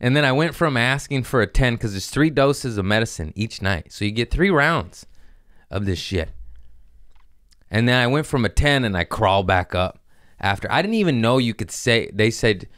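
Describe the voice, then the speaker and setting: A man on a podcast telling a profane, animated comic story and acting out the voices of the people in it. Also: medium pitch, moderate pace, dry recording, clean studio sound. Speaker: comedian guest on a podcast.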